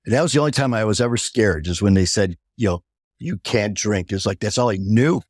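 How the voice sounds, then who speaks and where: A man's voice: fairly low pitch, animated, quick pace, dry recording, clean studio sound. A man, a podcast guest, telling a personal recovery story and acting out the dialogue of the people in it.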